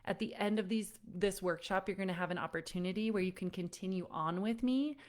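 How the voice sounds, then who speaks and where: A woman's voice: mid-range voice, brisk. Encouraging woman coach talking to parents. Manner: encouraging, speaks straight to listeners as friends; conversational storytelling with frequent "like". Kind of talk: live online workshop talk.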